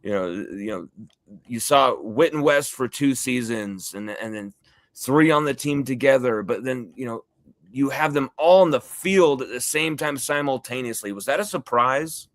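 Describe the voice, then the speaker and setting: Dry-voiced sports talk host. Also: male voice, medium pitch, no room sound. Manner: recaps plays quickly, stumbles and repeats words. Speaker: show host and interviewer.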